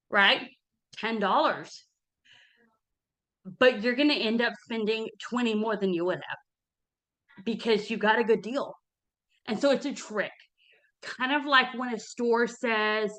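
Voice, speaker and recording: A middle-aged woman gives down-to-earth money advice in a casual motivational talk. Her voice sits slightly high. She speaks earnestly and with emphasis, often pausing to ask "okay?". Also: fairly bright tone.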